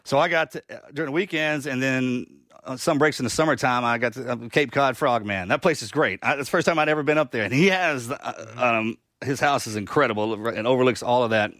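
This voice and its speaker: A man's voice: medium pitch, a little fast, fairly bright tone, dry recording, clean studio sound. A man hosting a podcast, a military veteran, telling stories in a loose, casual way. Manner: loose, swearing storyteller. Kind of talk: casual chat.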